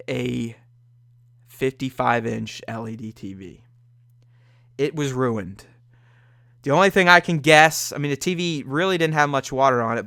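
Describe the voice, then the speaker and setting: A man's voice: mid-range voice, creaky, a bit bright, clean tone, no room sound, clean studio sound. A young man hosting a podcast, telling a candid, profane story about himself and acting out his own reactions. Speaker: podcast host. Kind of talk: solo confessional podcast monologue.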